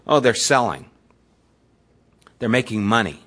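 A man's voice: fairly low pitch, big pitch swings, a little slow, fairly bright tone. A man preaching a sermon as the pastor, retelling scripture in everyday, conversational words.

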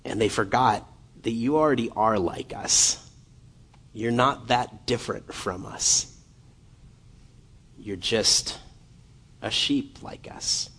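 A man preaching a sermon as a guest speaker, passionate and building from quiet to fervent, often repeating and restarting his words. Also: medium pitch, takes it slowly, pauses often, breathy edge.

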